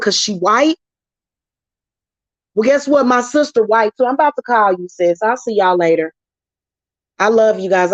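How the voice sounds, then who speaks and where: A woman's voice: mid-range voice, dry recording. Woman venting to her viewers, cussing, worked up, muffled dry sound. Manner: heated, profane, emotional ranting. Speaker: witchcraft vlogger. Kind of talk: casual venting vlog.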